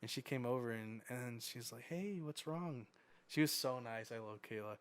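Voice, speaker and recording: A man's voice: mid-range voice, little pitch movement, brisk, slight background noise. A young man co-hosting a podcast, telling work stories in casual chat and swearing freely. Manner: swears freely, acts out quotes loudly. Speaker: podcast co-host.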